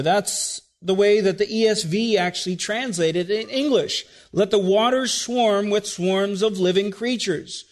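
A man preaching an expository sermon, explaining words in a teacherly way with dry asides and frequent checks of "okay?". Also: sits high. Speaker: pastor.

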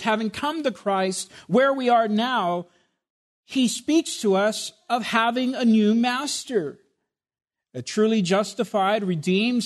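High-voiced, slow-preaching man. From Spanish heritage. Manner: preaching with emphatic rhetorical questions. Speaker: pastor. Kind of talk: sermon.

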